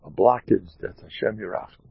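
A man, a rabbi, telling a story in an animated way and mixing in Hebrew and Yiddish terms. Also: fairly low pitch, normal speed, gravelly, husky, no room sound, lo-fi sound. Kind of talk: storytelling talk.

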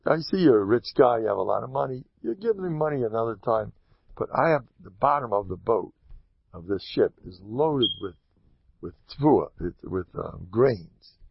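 A man's voice: mid-range voice, expressive, moderate pace, creaky, husky, no echo, highs cut off. A man voicing a friendly ship captain who coaxes a passenger into a deal. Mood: coaxing.

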